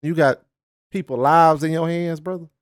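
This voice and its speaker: A man's voice: on the high side, steady tone, normal speed, no room sound, clean studio sound. A man hosting a reaction video, heckling a clip in profane, slangy casual commentary. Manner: profane, heckling, mock-lecturing; dialect-heavy casual slang.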